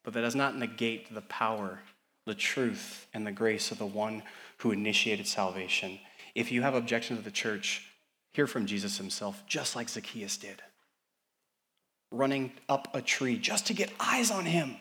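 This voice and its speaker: A young adult man, a pastor, preaching a sermon with swings between loud, rising calls to the congregation and quiet, tender passages. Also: medium pitch, normal speed, long pauses.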